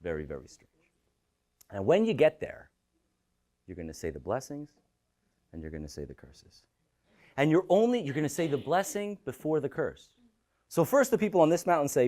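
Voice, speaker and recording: A man's voice: a little high, sing-song, normal speed, long pauses, warm tone. A male teacher giving a classroom Bible lesson, thinking aloud and reacting to the class.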